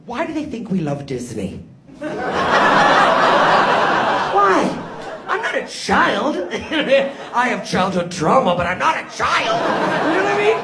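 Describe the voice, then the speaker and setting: A middle-aged woman from Canada doing a stand-up comedy set, talking in rapid asides with sudden loud, swearing outbursts. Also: medium pitch. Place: comedy club stage. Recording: echoey room with crowd laughter. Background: audience laughter.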